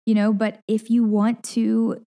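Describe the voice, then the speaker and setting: A woman in her twenties from the American South, a news reporter with a faint Southern accent, talking in a clear, well-enunciated way as a podcast guest. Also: a little high, monotone, a little slow, warm tone. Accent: slight Southern American. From Collierville, Tennessee, US. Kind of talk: casual interview chat.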